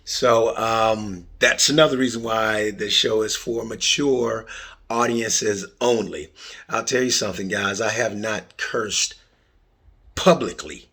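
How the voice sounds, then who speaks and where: A middle-aged man with a husky, somewhat low voice talks directly to his listeners in a loose podcast monologue. He is chatty and playful and tosses in jokey asides. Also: slow pace, sharp tone. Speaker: podcast host.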